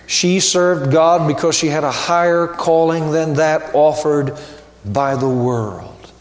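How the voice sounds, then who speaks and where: Slow, emphatic preaching man in a hall. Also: on the high side. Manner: slow, emphatic preaching with rising repeated refrains. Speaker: pastor. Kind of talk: sermon.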